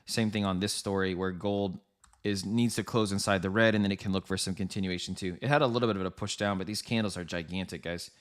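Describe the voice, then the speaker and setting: This trading livestream host talks fast in a deep voice with a steady tone. Chatty and quick to laugh, he addresses his viewers directly as he comments on the markets.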